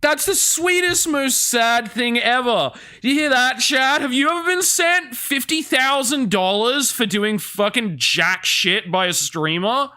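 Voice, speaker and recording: A man talking casually on his stream, sarcastic and full of swearing. His bright voice swoops up and down as he talks, and he takes his time with the words. Faint music plays behind him. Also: extremely high pitch, expressive, unhurried, few pauses. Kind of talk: casual reaction commentary on stream.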